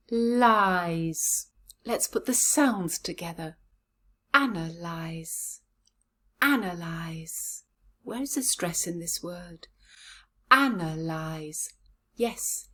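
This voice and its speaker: A woman coaching pronunciation, breaking words into syllables and sounds deliberately in a slow instructional lesson. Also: on the low side, slightly rough.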